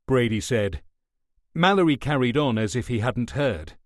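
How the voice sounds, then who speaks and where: A man giving scripted audiobook narration in an expressive storytelling manner. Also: mid-range voice, normal speed, dry recording, studio quality.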